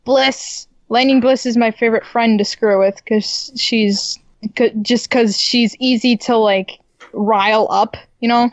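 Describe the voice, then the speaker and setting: A woman's voice: a little high, steady tone, a little slow, dry recording, muffled recording. A woman chatting casually as a guest, laughing often and trailing off with fillers. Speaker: podcast guest. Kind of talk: casual chat.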